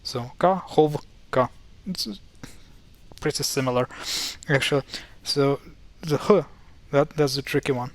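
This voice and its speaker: A man with a mid-range voice talks a little slowly as he explains pronunciation. It's a casual screen-share explainer, and he's chatty, annoyed at mispronunciations, and full of fillers and restarts.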